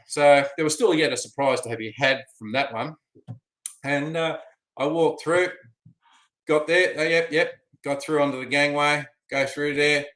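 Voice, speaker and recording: A man's voice: fairly high pitch, fairly bright tone. Chatty Australian man in a roomy space. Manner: rambling, chatty, with many fillers. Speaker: vlogger. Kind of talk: casual storytelling. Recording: roomy echo.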